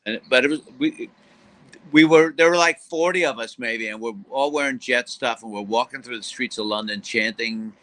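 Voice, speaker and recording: A man tells stories on a sports talk stream, slipping into quick impressions of the people he describes. His voice is bright and carrying, and he speaks at an ordinary middle pitch. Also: poor audio. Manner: storytelling with lively mimicry of others. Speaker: co-host of a sports call-in show. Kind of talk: casual chat.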